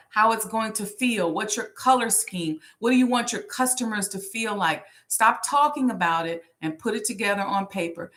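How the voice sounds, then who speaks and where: A woman hosts a motivational teaching session, speaking with steady emphasis. She slows down and repeats her key points so they land. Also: mid-range voice. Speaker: host and entrepreneur teacher.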